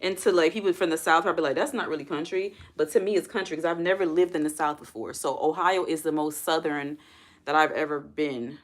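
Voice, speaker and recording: This livestream host is a young woman with a somewhat low voice and a brisk delivery. Her talk is easy and rambling, full of y'all for her viewers and constant questions aimed at the chat.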